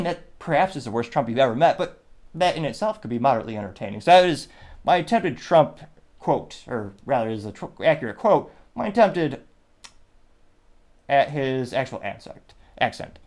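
A man from the United States runs a solo political commentary podcast, reading listener comments aloud while rambling and stopping mid-sentence. He speaks at a moderate pace in a medium-pitched, darkish voice with lively intonation.

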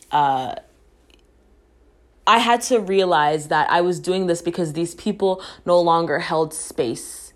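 A young woman hosting a podcast, talking earnestly and reflectively, swearing casually, and at times emotional. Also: on the low side. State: emotional, near tears at times. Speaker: podcast host. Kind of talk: reflective personal talk.

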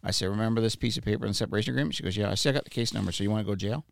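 A man's voice: on the low side, racing, creaky, dry recording, clean studio sound. A man casually telling a personal story, blunt and profane, stammering and repeating words when worked up.

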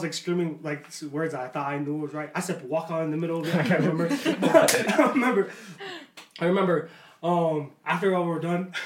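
A young man hosting a podcast, telling a story in a lively, casual way and laughing often. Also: fairly high pitch. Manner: animated, laughs often while telling stories. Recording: echoey room with faint noise.

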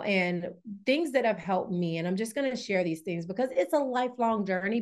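A woman wellness coach talking candidly as a podcast guest, animated and laughing often. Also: medium pitch. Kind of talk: conversational interview.

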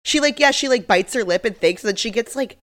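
A woman's voice: a little high, lively intonation, quick pace, fairly bright tone. A woman co-hosting a podcast, chatting casually with joking asides. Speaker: podcast co-host. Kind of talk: casual recap chat.

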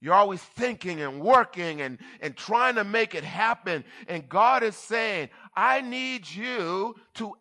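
A male bishop delivers a sermon in a high, bright voice. He teaches slowly and deliberately, stopping often to ask if the congregation is with him, then rises into loud, emphatic stretches. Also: expressive. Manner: teaching, often asks "are you with me?", builds to loud emphatic passages. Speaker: bishop preaching.

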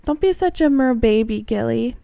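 A woman's voice: a little high, lively intonation, normal speed, gravelly, mellow, dry recording, studio quality. A woman playing a bossy older mermaid sister.

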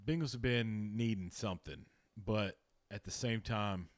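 A man's voice: on the low side, unhurried, no room sound. A man co-hosting a casual sports podcast, loose and profane, laughing and joking as he makes picks. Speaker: podcast co-host.

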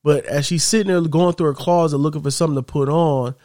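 A man's voice: a little high, steady tone, quick pace, a little mellow, no echo, studio quality. A man casually telling a story, conversational and repetitive in phrasing. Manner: conversational, repeats "she's like".

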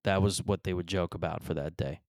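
A man's voice: deep voice, fairly quick, creaky, a little mellow, dry recording. A man hosting a comedy podcast, rambling through a profane, self-deprecating monologue. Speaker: comedian host.

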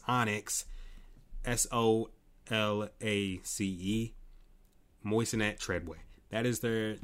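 Ranting tired man, low voice. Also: fairly bright tone. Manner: ranting, exasperated, profane, many restarts. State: tired, yawning late at night. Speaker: podcast host. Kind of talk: casual solo commentary.

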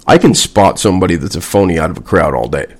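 A man's voice: low-pitched, expressive, fast, a little mellow, slightly rough. A man, a veteran vlogger, delivering a blunt, sarcastic and heavily profane casual rant.

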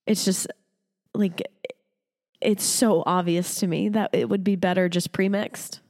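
A woman's voice: on the low side, fairly even intonation, unhurried, a little mellow. Giggly sick woman with a reverby sound. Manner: laughs often, teasing. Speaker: podcast co-host. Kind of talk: casual chat.

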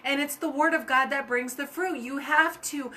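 A woman's voice: high-pitched, fairly even intonation, moderate pace, pushed and bright, slight background noise. A woman co-hosting a faith talk show, preaching in a casual, earnest way and repeating phrases for emphasis.

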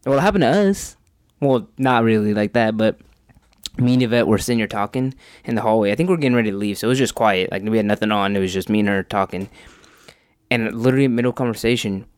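A man's voice: lowish voice, fast, smooth, no echo, studio quality. A young man in casual podcast chat, laughing often and bantering. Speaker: podcast co-host.

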